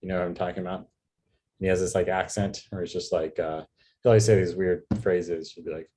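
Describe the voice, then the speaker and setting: A man from New York doing a rambling stand-up set over a video call, halting with many fillers and restarts. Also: low voice, level tone, dark tone, slight background noise. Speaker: stand-up comedian.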